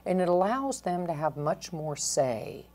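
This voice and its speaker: A middle-aged woman, a county probation chief, answering interview questions in an earnest, measured way with frequent restarts. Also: on the low side, very animated, warm tone.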